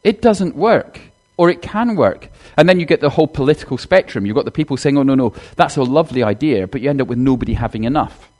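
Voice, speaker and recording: A minister preaching to his congregation in a church, chatty and direct. His pitch swings widely as he talks, rising and falling with each point. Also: animated, quick pace, hardly any pauses, a little mellow. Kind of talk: sermon with children's talk.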